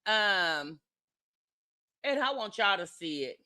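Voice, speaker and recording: A woman's voice: medium pitch, takes it slowly, no room sound. A woman hosting a podcast, chatting in a sassy, casual commentary style. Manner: lively, sassy, laughing asides. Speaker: podcast host.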